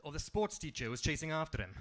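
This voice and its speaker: A man's voice: a little high, very animated, racing, noisy background. A young man with a strong Welsh accent performing a stand-up comedy set on a club stage, delivering punchlines dryly. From Wales.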